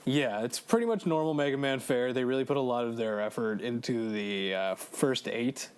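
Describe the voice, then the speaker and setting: A man co-hosting a podcast in casual chat, excitable, swearing and laughing as he talks through a game. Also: medium pitch, normal speed, clean tone. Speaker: podcast co-host.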